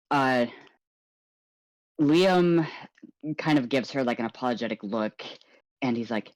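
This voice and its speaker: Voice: medium pitch, a little slow, long pauses, rough recording. A game master casually narrating what the characters do in a tabletop game. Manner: casual, relaxed storytelling.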